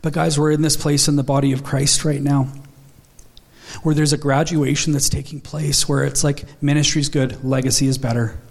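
Man, thirties, somewhat high voice, earnest storytelling preacher. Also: flat delivery, moderate pace, gravelly, a little hiss or hum. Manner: storytelling, earnest, quotes dialogue in his stories. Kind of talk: sermon.

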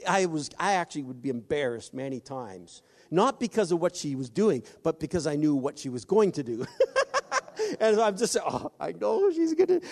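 A man preaching a sermon, halting often with restarts and acting out quoted voices. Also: fairly high pitch, darkish tone. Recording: long hall reverb.

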